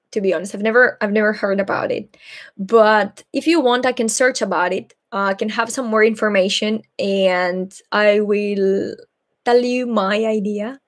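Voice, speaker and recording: A young woman from Greece, hosting a live Q&A and answering viewers thoughtfully and hesitantly, with many fillers. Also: medium pitch. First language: Greek. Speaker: Greek teacher and channel host.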